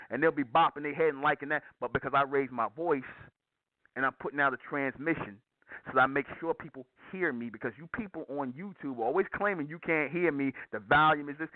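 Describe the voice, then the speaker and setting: A man preaches in a raised, hyped-up voice that sits fairly high for a man. He declaims rather than chats, pressing every point as if to a crowd. The sound is thin and phone-like, close and dry with no room around it. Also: dry recording. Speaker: YouTube channel host. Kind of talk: impassioned preaching monologue.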